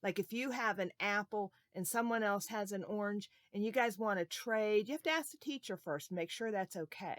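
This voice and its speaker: A woman telling a story to young children, animated and often asking the children questions. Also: mid-range voice, normal speed, hardly any pauses, dry recording, studio quality.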